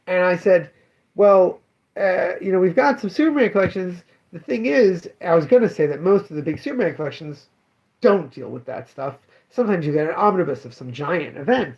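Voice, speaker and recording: A man's voice: sits high, lively intonation, brisk, a little mellow, highs cut off. A man who runs a comic shop, telling customer stories in a casual, rambling way with many fillers and self-corrections. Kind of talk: casual spoken daily update.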